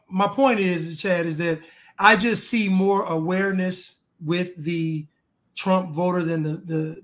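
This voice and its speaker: A man in casual political chat, an animated storyteller who acts out dialogue and talks casually with many restarts. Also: high-pitched.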